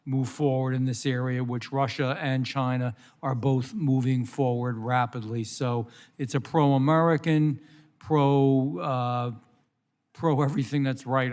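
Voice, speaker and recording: A man's voice: medium pitch, darkish tone. A man from New Jersey giving brief, emphatic, informal remarks at a committee markup. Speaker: committee member.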